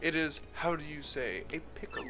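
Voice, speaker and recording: A grandiose male explorer with a fancy put-on accent, played by a man, strutting through every line. The tone is bright and forceful, and the pitch sits a little high. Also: moderate pace, faint music behind. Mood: fussy. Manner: pompous, grandiose.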